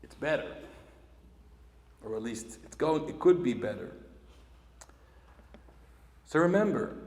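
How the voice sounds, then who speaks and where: A man's voice: mid-range voice, a little mellow. A man with an Israeli accent, a native Hebrew speaker, giving an emphatic graduation speech and putting questions to the audience. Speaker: commencement speaker. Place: large event hall. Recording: echoey hall with long reverb.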